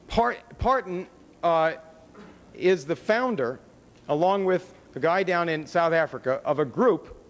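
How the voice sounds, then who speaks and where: An American man giving a conference lecture in a conversational, sardonic way, with wry asides and rhetorical questions. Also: fairly high pitch. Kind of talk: public lecture with slides. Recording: long hall reverb from a conference room.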